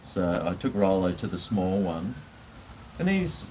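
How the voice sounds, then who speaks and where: A man's voice: low-pitched, fairly even intonation, normal speed, dark tone, slight background noise, rough recording. Rambling man telling a story. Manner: rambling, hesitant, swears casually. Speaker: vlogger. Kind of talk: casual storytelling.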